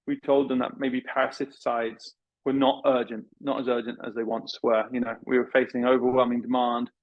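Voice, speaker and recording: A veterinary business speaker presents a session in an online webinar, talking casually, asking rhetorical questions, and using many fillers. His medium-pitched voice is flat and a little fast, with phone-quality sound.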